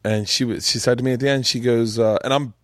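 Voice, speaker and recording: A man's voice: mid-range voice, fairly even intonation, quick pace, no room sound, studio quality. A man hosting a podcast, telling stories in casual chat, swearing often and acting out the people in them. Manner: profane, storytelling, does voices in quotes. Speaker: podcast host. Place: home studio room.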